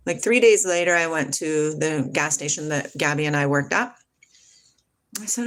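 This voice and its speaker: A woman's voice: low voice, expressive, normal speed. A woman telling a personal story to her live chat, rambling and emotional, swearing, losing her train of thought and starting over.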